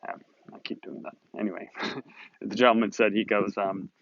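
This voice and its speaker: Upbeat man, low voice, dull dry sound. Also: fairly even intonation, normal speed, no room sound. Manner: upbeat, chatty and rambling, retells conversations. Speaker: host of a motivational video series. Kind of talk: casual talking-to-camera monologue. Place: Southern California.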